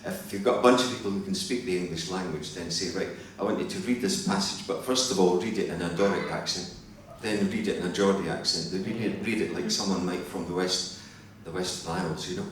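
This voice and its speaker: A Scottish man with a very low voice talks through his answers in a reflective, measured way during a live interview. He is picked up from across a hotel function hall. The room rings with heavy echo and a faint hum sits underneath. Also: far from the mic. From Scotland. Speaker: interview guest, fiddler.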